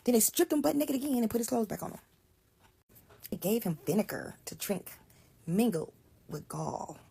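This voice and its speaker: A woman retelling a Bible passage in a casual, animated way, explaining as she goes and often dropping to a hushed whisper. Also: on the high side, normal speed, gravelly, slightly rough. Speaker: Bible storyteller.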